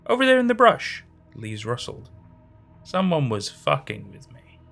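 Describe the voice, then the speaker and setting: A man narrates a horror story dramatically in a bright, gravelly, fairly high voice whose pitch swoops wildly as it rises and falls. He keeps a measured pace, with faint music underneath.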